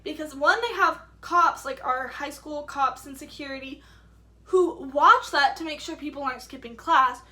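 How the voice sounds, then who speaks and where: A woman's voice: sits high, normal speed, bright, forceful tone. A young woman telling a story to camera in a chatty, indignant way, full of "like" fillers. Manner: indignant retelling. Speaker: vlogger. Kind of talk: casual storytime.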